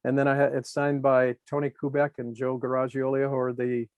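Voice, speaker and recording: A man's voice: medium pitch, completely flat delivery, a little fast, clear, resonant tone, no echo. A man in his sixties, a former sports trainer, telling long anecdotes in an interview with lots of fillers. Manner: rambling anecdotes with many fillers. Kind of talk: storytelling interview.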